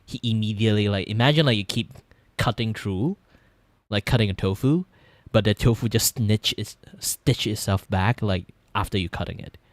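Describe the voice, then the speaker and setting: A young vtuber speaks in a fairly low voice at a moderate pace, recorded without room sound. Drawing on his livestream, he chats loosely in a Malaysian English accent, rambling, cursing freely and often laughing.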